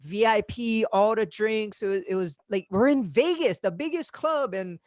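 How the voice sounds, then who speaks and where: A man, hosting a podcast and telling stories in casual chat, animated and swearing freely. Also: high-pitched, normal speed, no room sound. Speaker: podcast host.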